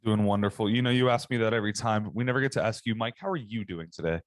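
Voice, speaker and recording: A man co-hosting a casual fantasy football podcast, giving relaxed, measured takes. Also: lowish voice, dry recording. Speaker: podcast co-host. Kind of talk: casual sports podcast chat.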